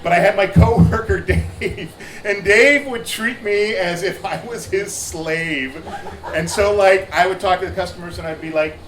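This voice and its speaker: A man's voice: high voice, normal speed, a bit bright. A man from Ohio doing a loose, rambling stand-up set at a bar open mic, full of fillers and restarts. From Ohio, USA. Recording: echoey bar room with crowd noise.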